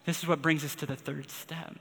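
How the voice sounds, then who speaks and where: Bright-voiced man preaching in echoing hall. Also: on the high side, level tone, vocal fry. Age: 40s. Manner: earnest, personal, builds intensity with pauses. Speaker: pastor. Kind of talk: sermon.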